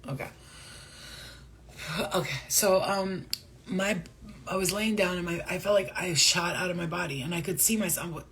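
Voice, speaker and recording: A woman giving a casual spiritual reading to her viewers, talking in a rambling, excitable and profane way. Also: fairly low pitch, normal speed, pauses often. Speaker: spiritual reader.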